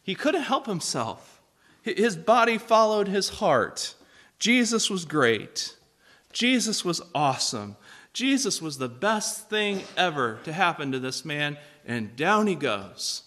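A man preaching a sermon, reading scripture and asking the congregation questions in an animated way. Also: high voice, takes it slowly. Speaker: pastor.

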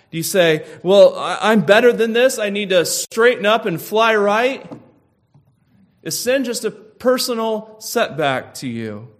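A man preaching a sermon slowly and emphatically, building to loud, impassioned peaks. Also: medium pitch.

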